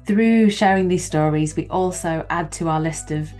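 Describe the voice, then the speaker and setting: A woman hosting a podcast, introducing the episode and then asking her guests calm, measured questions. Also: on the low side, faint music behind. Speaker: podcast host.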